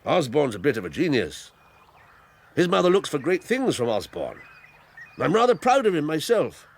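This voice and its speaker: A fond, talkative old squire in a period radio play, rambling from one thing to the next. His husky, gravelly voice swoops up and down with great liveliness. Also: on the high side, huge pitch swings, moderate pace, full character voice. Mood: proud. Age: older. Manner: bluff, rambling and fatherly. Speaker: Squire Hamley. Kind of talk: 1980s radio drama acting.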